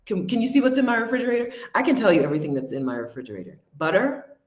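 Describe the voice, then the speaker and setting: A woman's voice: mid-range voice, lively intonation, rapid-fire, echoey room. A woman, chatting casually and laughing with her viewers during a livestream from her home. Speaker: host. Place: home near her refrigerator.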